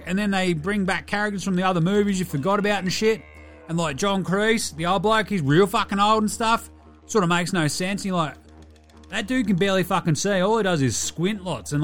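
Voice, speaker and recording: A man's voice: high voice, brisk, fairly bright tone, faint music behind, pitched above the performer's own voice. A man voicing a crude, laid-back young male basketballer with a broad Australian accent, rambling and swearing in slang. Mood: cheeky rambling.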